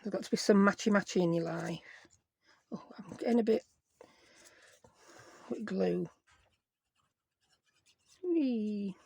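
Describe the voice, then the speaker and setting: A woman's voice: medium pitch, moderate pace, vocal fry, pauses often, darkish tone, slightly rough, no echo. A woman hosting a casual crafting vlog, chatty and self-deprecating, talking to herself as she works. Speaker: craft channel host.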